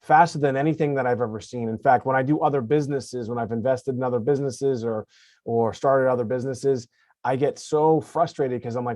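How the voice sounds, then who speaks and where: A man's voice: mid-range voice, brisk, darkish tone, dry recording. A man in his forties hosting a podcast interview, thinking aloud with frequent restarts. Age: 40s. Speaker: podcast host. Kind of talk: conversational interview.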